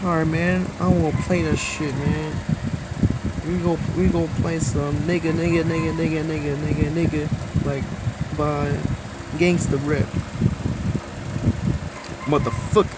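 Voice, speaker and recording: Slow, foul-mouthed rambling vlogger. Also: mid-range voice, steady tone, background noise. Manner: profane, rambling, swears constantly, giggles between lines. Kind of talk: casual rambling vlog talk.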